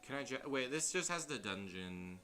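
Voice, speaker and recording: Chatty young guy streaming a game, super bright voice, goes off on tangents and laughs at himself. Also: medium pitch, expressive, normal speed. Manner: rambling, chatty, self-deprecating with frequent laughs. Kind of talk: casual let's-play commentary. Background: faint game music.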